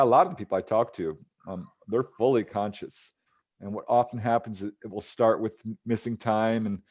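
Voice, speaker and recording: A man's voice: lowish voice, a little mellow. A man, a ufologist guest on an interview show, casually retelling encounter stories, often chuckling and using fillers.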